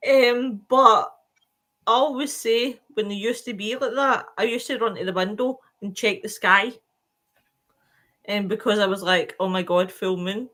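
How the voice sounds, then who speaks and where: A tired woman hosting a casual live-stream chat, reading out viewer comments in a chatty, animated way. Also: fairly high pitch, unhurried. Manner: chatty and animated, with many fillers.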